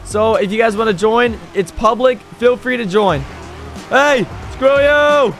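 A man's voice: sits high, moderate pace, soft background music. A young man giving live commentary on a driving game, cheekily taunting the police chasing him and yelping at every jump and crash. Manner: excitable, bursts into yelps on jumps and crashes; cheeky taunts at pursuing cops. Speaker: gaming YouTuber and server owner.

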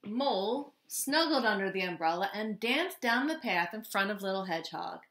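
A woman reading a children's picture book aloud in a gentle, expressive way. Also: medium pitch, normal speed, echoey room. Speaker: storybook reader. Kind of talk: children's story read-aloud.

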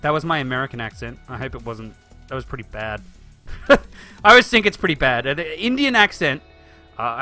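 Casting: chatty male streamer, high-ish voice that jumps around a lot, faint game music underneath. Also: moderate pace, pauses often. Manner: chatty, reads chat aloud, excitable. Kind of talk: live stream commentary.

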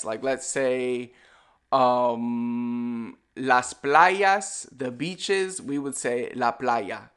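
A man with a Puerto Rican accent, explaining language points in a relaxed, casual lesson and slowly repeating example words. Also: medium pitch. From Puerto Rico. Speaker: Spanish language teacher.

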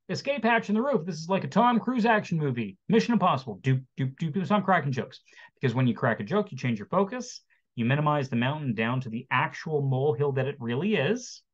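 Animated man giving a webinar talk. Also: mid-range voice. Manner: lively, acts out quotes and jokes. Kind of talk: motivational talk to an online audience. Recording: dull lo-fi webinar audio.

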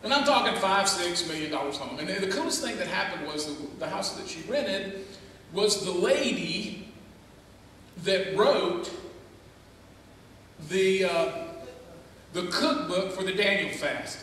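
A man's voice: high-pitched, animated, a little slow, pauses often, a bit bright. An older man preaching a sermon, telling stories animatedly and acting out voices. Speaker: pastor. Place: church sanctuary. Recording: echoey hall from far off with background noise.

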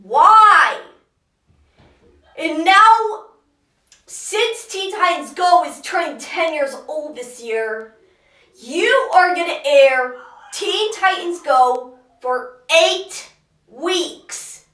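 A woman's voice: very high-pitched, expressive, drawn-out words, fairly bright tone. A woman hosting her channel, giving an exasperated ranting commentary and repeating herself a lot. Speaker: channel host. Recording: roomy echo.

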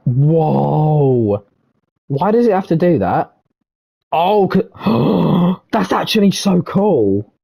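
A man giving loud, excitable gameplay commentary from his room, boastful and swearing freely, his voice hoarse from shouting. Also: on the high side, extremely slow, dull audio. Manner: excitable, boastful, swears a lot, shouts and cackles in tense moments. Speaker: gaming video creator.

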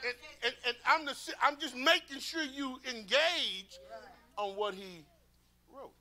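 A man leading a church Sunday school class, preaching in an animated way, repeating his words and breaking into shouts. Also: very high voice, a little slow.

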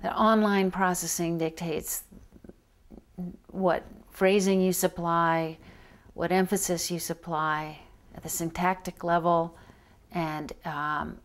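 Measured woman explaining reading research. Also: lowish voice. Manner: measured, explanatory, spells out letters. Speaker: reading researcher being interviewed. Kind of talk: explanatory interview talk.

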